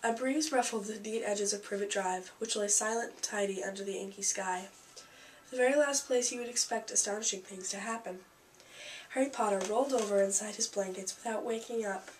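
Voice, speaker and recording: A woman's voice: medium pitch, brisk. A woman reading a novel aloud in a casual home-reading way, with small slips and asides. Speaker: audiobook reader. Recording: slightly distant mic with faint hiss.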